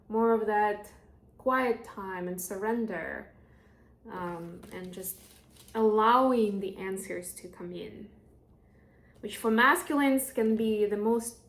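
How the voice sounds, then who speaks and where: Chatty woman tarot reader, echoey room. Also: mid-range voice. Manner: chatty, rambling, many filler pauses. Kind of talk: casual tarot reading chat.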